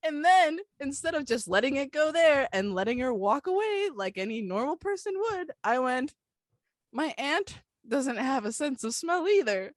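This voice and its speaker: A woman's voice: high-pitched, sing-song, normal speed, no echo, clean studio sound. A young woman co-hosting a podcast, telling a story animatedly, acting out the dialogue and laughing often. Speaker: podcast co-host. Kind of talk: casual storytelling chat.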